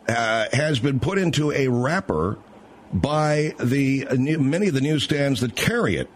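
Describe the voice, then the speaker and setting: Hosting a late-night radio talk show, a man with a medium-pitched voice reads out the number and sets up a story. He rambles and hesitates, full of fillers and restarts.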